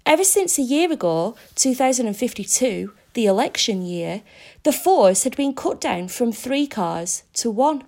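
A woman narrating a story aloud in a measured, descriptive reading. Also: on the high side, big pitch swings, darkish tone.

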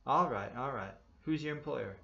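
A man's voice: medium pitch, moderate pace, gravelly, muffled recording. A man reading a story aloud, voicing a stern, bullying motorcycle policeman who barks and snaps his questions. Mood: barking, stern. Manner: barking, sharp, snapping.

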